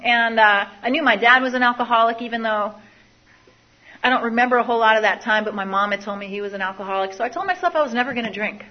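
In a quick, slightly high voice, a woman shares a confessional, candid testimony of her recovery with an audience, repeating phrases often. The recording has its highs cut off.

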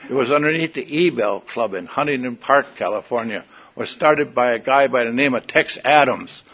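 A man's voice: medium pitch, normal speed, dull audio. An older man giving a folksy, wry personal testimony at a meeting, in front of an audience. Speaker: recovery meeting speaker.

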